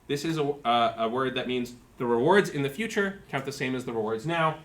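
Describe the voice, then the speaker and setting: A man's voice: medium pitch, fairly quick, fairly bright tone. A man giving a university lecture, explaining terms step by step and thinking aloud with fillers. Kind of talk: live-coded lecture.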